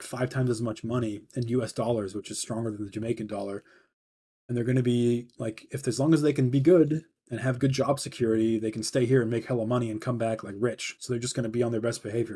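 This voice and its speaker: A man's voice: medium pitch, warm tone, breathy edge. A young man hosting a livestream, telling a rambling, laid-back story with a lot of fillers. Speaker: livestream host. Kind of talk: casual storytelling.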